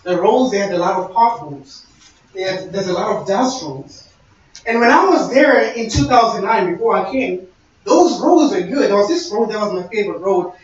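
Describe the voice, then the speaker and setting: A man's voice: sits high, expressive, moderate pace. A young man giving a sermon-style talk, conversational and storytelling with quoted dialogue. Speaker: speaker. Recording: echoey, distant, dull-sounding room recording.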